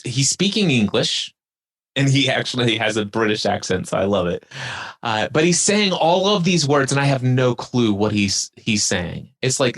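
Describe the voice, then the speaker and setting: A man's voice: medium pitch, a bit bright. A man on a podcast, talking reflectively about spiritual awareness and leading the listener through spoken exercises. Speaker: podcast guest. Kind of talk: casual spiritual conversation.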